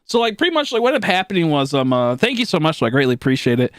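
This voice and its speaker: A man's voice: a little high, very animated, rapid-fire, fairly bright tone, no room sound, clean studio sound. A young man streaming live, chatting casually and rambling with lots of swearing, fillers and restarts while he thanks viewers.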